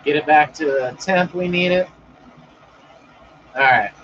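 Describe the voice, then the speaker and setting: A man's voice: a little high, a little slow, a bit bright, highs cut off. Laid-back man chatting on a stream. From Denver, Colorado. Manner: laid-back, rambling, answers chat by name. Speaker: livestream host reading chat. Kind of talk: casual livestream chat. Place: home, indoors.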